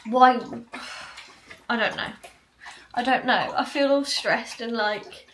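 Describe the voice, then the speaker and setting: A woman's voice: on the high side, lively intonation, slow pace, fairly bright tone, echoey room, far from the mic, a little hiss or hum. A young woman vlogging in casual chat at home, rambling, with lots of likes and ums. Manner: chatty, rambling, many fillers. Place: cluttered home room.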